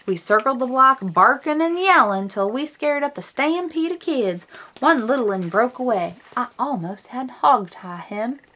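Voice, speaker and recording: A woman's voice: high-pitched, animated, normal speed, pushed and bright, a little hiss or hum. A woman voicing a horse-mad little cowgirl in a put-on Western twang, reading a picture book aloud. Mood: eager. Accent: put-on American Western twang. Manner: drawling, folksy storybook read-aloud.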